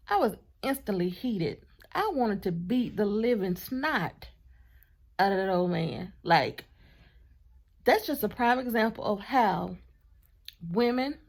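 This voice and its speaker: A woman vlogger telling a storytime in a chatty, animated way, with asides to her partner off camera. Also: medium pitch, slow pace, pauses often. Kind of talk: casual storytime vlog.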